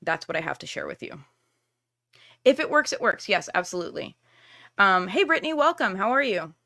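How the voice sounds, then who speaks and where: A woman's voice: mid-range voice, very animated, fairly quick, pushed and bright. A middle-aged woman hosting a live stream, talking candidly and reassuringly with viewers, with lots of casual fillers. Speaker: tarot reader and workshop host.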